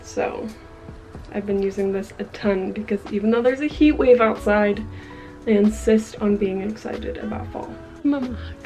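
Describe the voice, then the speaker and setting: A woman's voice: mid-range voice, normal speed, darkish tone, soft background music. A young woman vlogger telling a story in casual chat, with frequent fillers.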